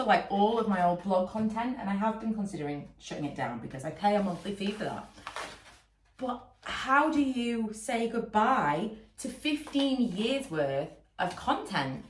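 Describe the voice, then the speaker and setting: A woman in her thirties, congested and sniffling from a cold, chatting casually and rambling with many fillers while she works at home. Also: medium pitch. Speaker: vlogger and candle maker. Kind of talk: casual chat to camera. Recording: echoey room, mic a little far, noisy.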